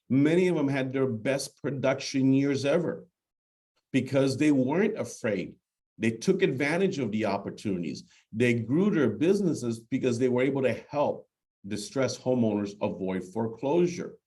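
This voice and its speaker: A man's voice: mid-range voice, warm tone. A man teaching real estate agents, talking emphatically and acting out conversations with clients. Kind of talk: sales training talk.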